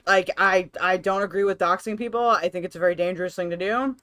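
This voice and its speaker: A woman's voice: on the low side, fairly even intonation, fast, fairly bright tone. A woman streamer reacting on a live stream, blunt, profane and sarcastic.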